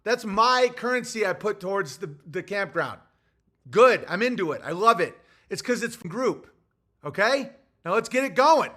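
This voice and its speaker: A man's voice: high voice, animated, moderate pace, bright, forceful tone. A male comedian delivering a heated, blunt and sarcastic ranting monologue.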